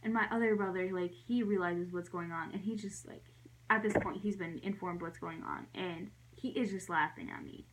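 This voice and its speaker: A young woman telling a story in a casual vlog, rambling and giggling, with lots of fillers and soft whispered asides. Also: lowish voice, moderate pace, background noise. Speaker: vlogger.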